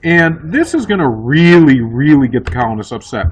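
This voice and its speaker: A man teaching history in a casual, chatty way, often voicing quick asides for the people he talks about. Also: on the high side, very animated, slightly rough, low-quality recording. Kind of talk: recorded classroom lecture.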